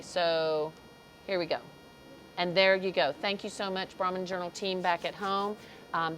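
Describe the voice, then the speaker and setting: A woman's voice: fairly low pitch, rough recording. Chatty woman commentating a live cattle show. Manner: chatty, greets viewers, stumbles over names. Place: show arena.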